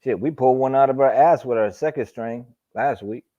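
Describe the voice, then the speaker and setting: This boxing talk show host goes live with casual, profane talk, heavy on slang and repetition. He speaks a little fast in a dark, mid-range voice, and the stream audio sounds dull and lo-fi.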